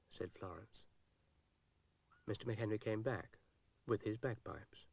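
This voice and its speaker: Unhurried man narrating a cartoon. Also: medium pitch, vocal fry, dry recording. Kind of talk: storybook narration of a children's cartoon.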